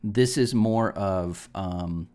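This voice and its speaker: A podcast host from the American South chats casually on a gaming podcast, rambling and opinionated, full of ums and restarts. His low, warm voice stretches out his words.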